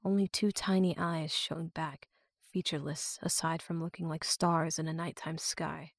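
A woman reading a fantasy novel aloud as an audiobook narrator, measured and hushed in tense moments. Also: sits low, flat delivery, dry recording, studio quality. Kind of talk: scripted narration.

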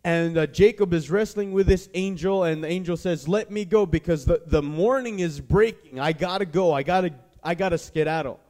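A high-voiced man preaching in a Southern US accent. He talks easily and plainly, as in conversation, and keeps turning to the congregation with questions. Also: normal speed, hardly any pauses, a little mellow. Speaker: pastor. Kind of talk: sermon.

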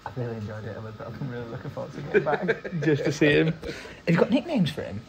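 A man chatting excitedly in a casual vlog, gushing and laughing often. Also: mid-range voice, quick pace, vocal fry, a crowd in the background. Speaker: vlogger.

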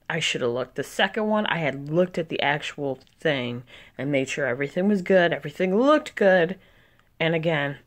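A young woman vlogging casually, venting in an irritated way and swearing often. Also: low-pitched. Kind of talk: casual vlog chat.

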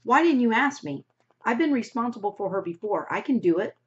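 A woman's voice: fairly high pitch, animated, brisk, voice pushed up, natural voice. A woman reading aloud voices an anxious, determined teenage farm girl who asks urgent, pleading questions. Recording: dull lo-fi recording.

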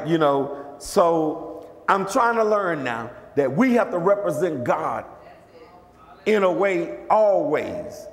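A man preaching a lively, conversational sermon as a bishop, calling out questions to his congregation. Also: high voice, echoey room, big-room sound. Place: church.

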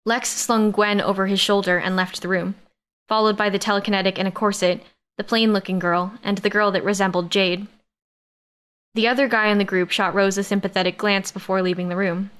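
With a brisk, clean-toned delivery, a woman reads an audiobook of a first-person science-fiction romance. She stays steady and expressive, her mid-range voice moving through the story at an even flow.

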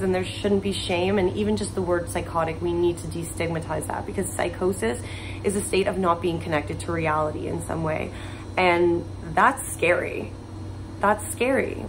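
A woman's voice: fairly low pitch, slight background noise, rough recording. A woman talking casually to camera in a personal vlog, chatty and rambling with lots of fillers. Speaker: vlogger.

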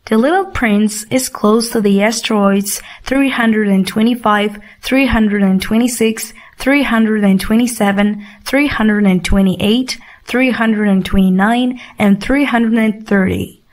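A woman reading a simple storybook aloud for English learners, clear and deliberate. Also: medium pitch. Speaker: audiobook reader.

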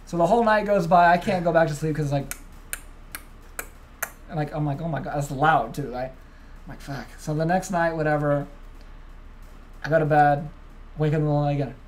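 A man's voice: on the high side, fairly even intonation, fairly quick, long pauses, a little hiss or hum. A young man co-hosting a podcast in casual chat, laid-back and swearing a lot, calling his friend bro and dude. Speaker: podcast co-host.

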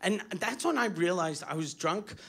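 High, lively stand-up comic. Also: male voice, moderate pace, slightly rough. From Quebec, Canada. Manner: animated, profane storytelling with frequent restarts. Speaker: stand-up comedian. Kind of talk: stand-up comedy set. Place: comedy club stage before a live audience.

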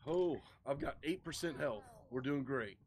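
A man making quick, self-mocking callouts while playing a game with friends. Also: medium pitch, expressive, darkish tone, a little hiss or hum. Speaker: game player. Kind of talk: casual gaming callouts.

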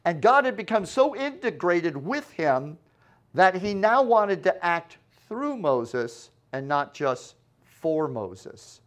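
A man preaching a sermon in a high voice, taking his time over each phrase. He acts out the quoted lines with dramatic shifts, pausing to let points land. His delivery is animated and unhurried. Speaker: pastor.

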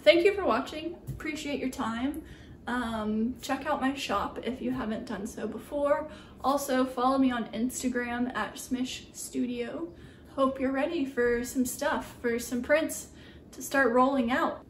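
A woman's voice: high-pitched, measured pace, slight background noise. A young woman, a printmaking artist, chatting casually in a vlog, rambling with lots of ums and likes, in a small studio. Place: small home art studio. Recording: echoey room, mic at a distance.

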